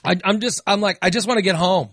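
A man hosting a podcast, exhausted and telling a casual story in an animated way, swearing and acting out what he said. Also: sits high, fast talker, dry recording. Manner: animated, swears, acts out his own quotes. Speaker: podcast host.

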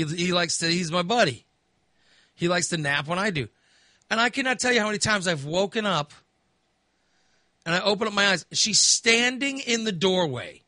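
A man's voice: sits high, pushed and bright, no echo, studio quality. A man hosting a podcast, telling stories in casual chat with laughs and voiced asides. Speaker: podcast host.

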